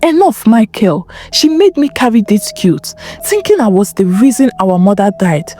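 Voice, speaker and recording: A woman's voice: mid-range voice, sing-song, normal speed, dark tone, faint music behind, natural voice. A woman voicing a distraught young woman, angry and grieving, whose pleading words break into whispers. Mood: furious.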